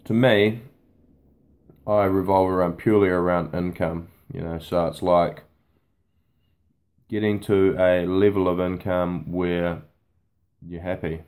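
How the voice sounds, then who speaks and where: A man's voice: low-pitched, fairly even intonation, slow pace, pauses often, a little mellow. A man, a boot camp fitness trainer, talking off the cuff to camera in a blunt, casual way and swearing freely. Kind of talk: unscripted talk to camera.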